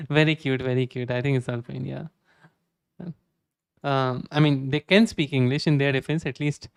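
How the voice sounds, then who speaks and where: A man's voice: medium pitch, steady tone, moderate pace, gravelly, pauses often, clean tone, no echo, clean studio sound. A man in his twenties chatting casually with viewers during a live coding stream, self-deprecating and often restarting his sentences. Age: 20s.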